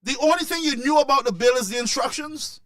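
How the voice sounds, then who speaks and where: A man delivers impassioned political commentary in a high, bright voice. He repeats himself and stumbles through restarts as he presses each point. The sound is dry and close. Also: fast, no echo. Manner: emotional, repetitive, stammering restarts.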